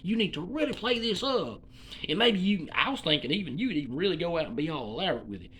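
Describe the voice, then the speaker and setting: High, lively Southern man from Alabama. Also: fast talker, slightly rough. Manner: folksy, profane, meandering. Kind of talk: rambling comedic monologue.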